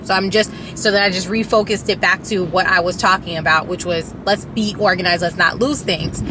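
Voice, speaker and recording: A woman's voice: mid-range voice, brisk, few pauses, background noise. A woman vlogger telling a storytime in casual chat, rambling with many fillers and restarts, candid and emotional, now and then profane.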